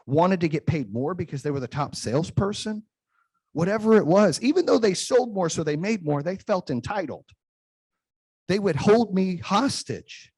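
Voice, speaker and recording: A man in his forties with a slightly husky, fairly high voice speaks as a business show host. He tells personal stories in an emphatic, conversational way and keeps checking in with "right?". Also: a little mellow, no echo. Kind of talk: motivational storytelling.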